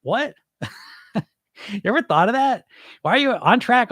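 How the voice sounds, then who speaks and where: A man delivers a blunt, profane coaching rant, his fairly high voice swinging widely as he fires off rhetorical questions. The sound is close and dry, with no room around it. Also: sing-song, unhurried, a bit bright, dry recording. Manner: mimics listeners' excuses mid-rant. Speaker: podcast host, weight-loss coach. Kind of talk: solo podcast monologue.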